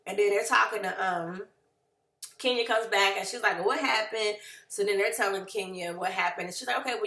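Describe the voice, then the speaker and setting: A woman casually recapping a reality show, acting out what the cast said in lively voices. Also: medium pitch, roomy sound. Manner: animated, acts out quotes of the cast.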